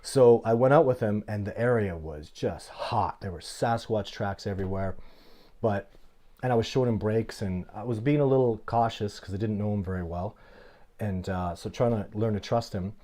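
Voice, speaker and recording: A middle-aged man hosting a casual live Q&A, telling stories in an animated, blunt, plainspoken way. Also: on the low side, normal speed. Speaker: host of a livestream Q&A.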